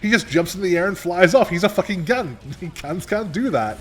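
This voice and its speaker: A man's voice: sits high, animated, brisk. A young man co-hosting a gameplay video, rambling in casual chat, laughing often and swearing casually. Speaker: gameplay co-host. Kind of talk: casual let's-play chat.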